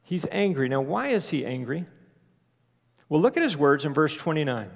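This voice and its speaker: A man preaches to his congregation, talking it through casually and asking questions. His voice sits a little high with a gravelly edge. It rings out in a reverberant church sanctuary. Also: very animated, moderate pace. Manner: conversational, asks the congregation questions. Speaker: pastor. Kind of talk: sermon.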